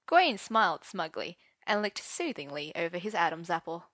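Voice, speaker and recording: A woman reading a romance story aloud, expressive and switching voices for each character. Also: lowish voice, moderate pace, hardly any pauses, no room sound, clean studio sound. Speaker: narrator. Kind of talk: audiobook narration of romance fiction.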